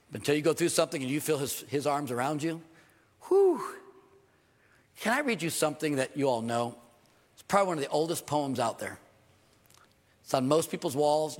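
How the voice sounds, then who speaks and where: An older man preaching a sermon as pastor in church, earnest and emphatic, repeating key phrases. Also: mid-range voice. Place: church sanctuary. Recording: long hall reverb.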